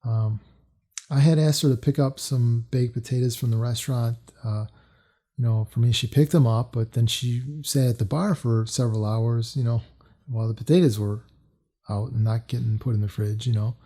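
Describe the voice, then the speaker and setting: A man's voice: medium pitch, steady tone, moderate pace, mellow. A man telling a personal story in a casual, rambling way, full of fillers and restarts.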